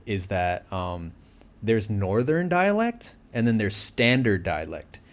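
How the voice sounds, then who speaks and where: An American man speaks slowly in a fairly low voice as an interview guest. He's animated and chatty, often padding his sentences with fillers, in a casual, conversational tone.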